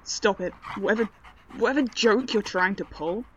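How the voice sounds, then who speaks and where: A woman playing a haunted, grieving college student who speaks softly and grows jumpy. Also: mid-range voice, normal speed, muffled recording, slight background noise, close to an everyday voice. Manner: shaken, soft-spoken, snapping when frightened.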